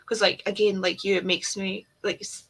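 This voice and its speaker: Husky Scottish woman chatting. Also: mid-range voice, flat delivery, moderate pace, a bit bright. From Scotland. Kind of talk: casual group chat.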